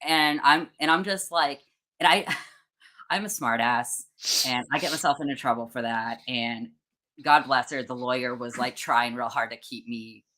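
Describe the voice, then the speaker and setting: A young woman with a very low but bright, forward-placed voice tells her stories in a casual, chatty way. She laughs often and slips into mocking imitations of other people. The tone stays conversational and talkative throughout. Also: a little slow. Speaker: host.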